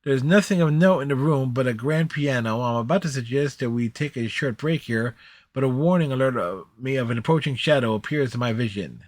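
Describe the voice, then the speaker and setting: A man's voice: medium pitch, fairly quick, dry recording. Man reading game narration aloud. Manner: steady reading with small slips and restarts. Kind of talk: first-person narration of game text.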